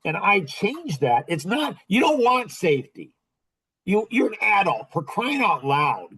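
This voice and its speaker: A man's voice: high voice, sing-song, unhurried, sharp tone, breathy edge. A man coaching a group, lecturing in a blunt, emphatic and scolding way.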